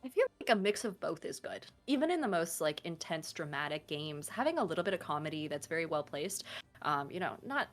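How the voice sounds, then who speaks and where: Chatty young woman, low-pitched voice. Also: big pitch swings, fairly quick, soft background music. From Oregon. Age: 20s. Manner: chatty and self-deprecating, with frequent fillers. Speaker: guest, tabletop game master and streamer. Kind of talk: casual interview chat.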